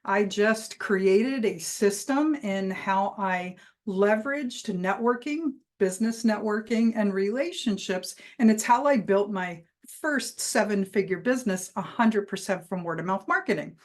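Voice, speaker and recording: A woman giving a motivational keynote, telling a personal story with lively emphasis and punchy phrasing. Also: mid-range voice, a little slow, hardly any pauses. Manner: lively anecdotal delivery with vivid emphasis. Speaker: keynote speaker and trainer.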